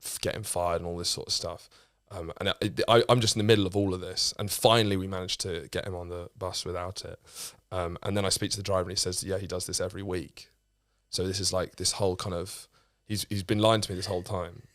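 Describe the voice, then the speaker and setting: A man's voice: deep voice, little pitch movement, quick pace, hardly any pauses, fairly bright tone, no room sound, clean studio sound. A man, a comedian guest telling a rambling story in casual chat, with many restarts and casual swearing.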